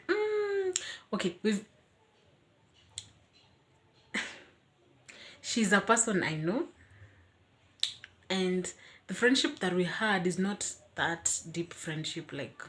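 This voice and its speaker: A young woman tells a personal story straight to her viewers in a casual vlog. Her voice sits a little low, and she talks in an animated, expressive way, often acting out her own reactions with dramatic questions. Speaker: vlogger.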